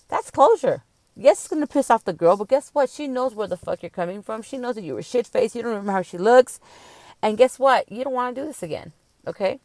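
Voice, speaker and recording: A woman's voice: a little high, lively intonation, brisk, darkish tone, dry recording. A tipsy woman hosting her own podcast, ranting bluntly and swearing freely in a casual solo monologue. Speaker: podcast host.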